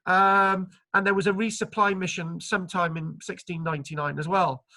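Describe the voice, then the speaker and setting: A man lecturing online about archaeology, animated and joking, with many fillers and restarts. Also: sits high, moderate pace.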